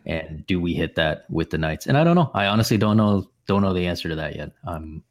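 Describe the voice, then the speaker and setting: A man's voice: sits low, expressive, brisk. A man co-hosting a casual sports chat, thinking aloud and often restarting his sentences. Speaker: podcast co-host.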